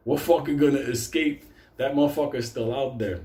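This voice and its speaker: A man telling a comic personal story in a casual, animated way, swearing constantly. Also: medium pitch, fairly quick, reverberant. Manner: heavy swearing, animated retelling.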